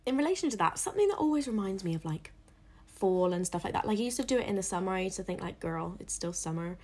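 A woman's voice: medium pitch, expressive, racing, darkish tone, husky. A young woman, chatting casually to camera in a rambling, self-deprecating way, often dropping into whispered asides. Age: young adult. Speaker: vlogger.

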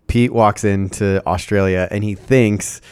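Guy on a podcast breaking down how the show works, lowish smooth voice, dry sound. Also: a little slow, dry recording. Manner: explains behind-the-scenes details in a relaxed way. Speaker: podcast co-host. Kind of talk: casual chat recapping a reality dating show.

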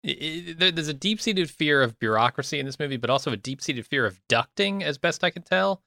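Male podcast co-host, bright voice, hesitant and questioning, dry close sound. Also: fairly high pitch, lively intonation, brisk, gravelly, dry recording. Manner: questioning and hesitant, stumbling over his words. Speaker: podcast co-host discussing a film. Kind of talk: casual chat.

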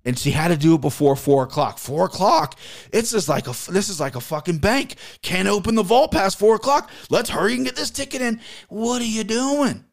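A man's voice: high-pitched, expressive, normal speed, gravelly. Profane man ranting a story. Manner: profane, exasperated rant. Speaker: podcast host. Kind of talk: casual storytelling.

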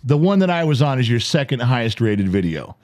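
A man in his forties hosts a podcast from a studio, spinning a profane, laugh-filled yarn. His pitch rises and falls with plenty of life as he acts out the story. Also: sing-song, a little fast, a little mellow. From United States. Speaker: podcast host. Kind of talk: animated storytelling chat.

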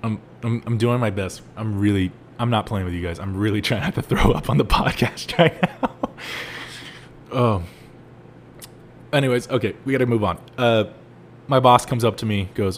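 A young man hosting a solo podcast, telling stories animatedly with laughs and loud exclaims. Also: on the low side, moderate pace, a little hiss or hum. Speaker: podcast host.

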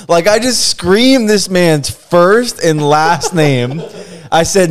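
A man telling a story in casual chat as a podcast guest. He gets animated, laughs as he goes and acts out what people said. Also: high voice, slow pace.

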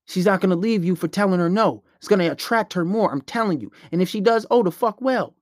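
A man's voice: high-pitched, fast, dry recording, studio quality. Blunt, profane man ranting. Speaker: podcast host. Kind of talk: casual dating-advice rant.

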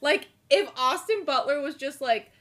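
A young woman co-hosting a rewatch podcast, chatting casually with quick comic asides and swearing. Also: sits high, expressive, heavy background noise. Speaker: podcast co-host. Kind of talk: casual chat.

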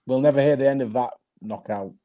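A man's voice: medium pitch, fairly quick, a crowd in the background. A man co-hosting a casual sports podcast, bantering freely. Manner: chatty, banters. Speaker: podcast co-host.

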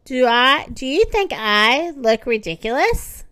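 A woman's voice: high-pitched, sing-song, takes it slowly, sharp tone, dry recording, exaggerated voice. A woman reading aloud and voicing a sad, self-conscious female hippopotamus in a wistful, mournful tone. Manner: wistful, mournful sighing delivery. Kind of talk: storybook read-aloud.

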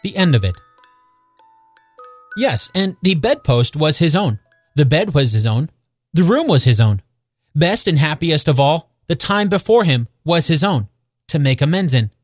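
A man narrating a classic novel as an audiobook, with expressive, measured storytelling. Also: on the high side, no echo, clean studio sound, faint music behind.

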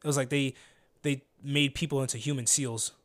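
A man's voice: mid-range voice, steady tone, moderate pace. Slangy young man, loose chat. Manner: loose slangy rambling, trails off often. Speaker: podcast host. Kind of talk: casual chat.

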